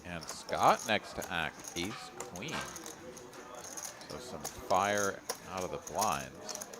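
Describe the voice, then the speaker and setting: Deep-voiced male poker commentator. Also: lively intonation, slow, music in the background. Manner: conversational, talks through betting logic. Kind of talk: live play-by-play commentary. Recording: loud card-room crowd behind. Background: crowd chatter of a card room.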